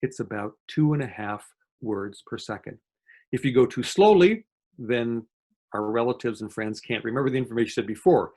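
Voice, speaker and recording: A man giving an online lecture as a guest speaker, talking quickly and explaining step by step, with frequent fillers and self-corrections. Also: mid-range voice, a little mellow. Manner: fast-talking. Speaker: guest lecturer on dementia communication.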